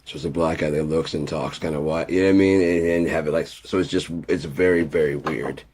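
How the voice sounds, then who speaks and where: A man's voice: extremely low pitch, fairly even intonation, a little fast, darkish tone, a little hiss or hum. A man rambling through a casual rant, profane and jokey, drifting from point to point. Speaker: video creator.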